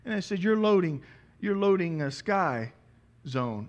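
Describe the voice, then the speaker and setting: A man in his forties, a pastor preaching a sermon, telling a lively personal story and acting out the dialogue. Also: sits high, a little slow.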